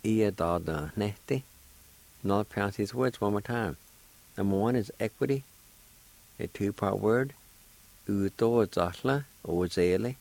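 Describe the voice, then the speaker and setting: A man's voice: fairly low pitch, moderate pace, vocal fry, long pauses, a little mellow, low-quality recording. A man hosting a radio language lesson, patiently spelling and pronouncing words syllable by syllable. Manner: encouraging sign-off. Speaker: language teacher and radio host.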